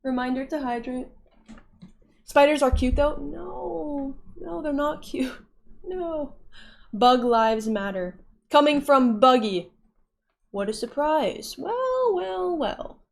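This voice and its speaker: A woman's voice: high-pitched, slow, creaky. A young woman livestreaming, casually reading and answering chat with playful giggles.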